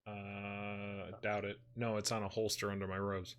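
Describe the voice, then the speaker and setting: A man's voice: on the low side, level tone, measured pace, clear, resonant tone. A man playing a tabletop game, joking around with the group. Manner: giggly, joking. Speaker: player. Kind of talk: casual tabletop chat.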